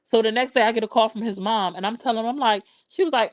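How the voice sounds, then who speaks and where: A woman's voice: a little high, quick pace, hardly any pauses, no room sound. Woman in her forties, live stream storytelling, slangy and chatty, dry close sound. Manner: chatty, slangy, greets viewers mid-story.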